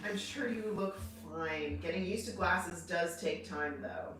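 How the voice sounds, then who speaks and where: A woman co-hosting a livestream, reading viewer comments aloud quickly and excitedly. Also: on the low side, distant mic. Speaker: livestream co-host reading chat. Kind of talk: casual livestream chat. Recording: roomy, from off mic, faint noise.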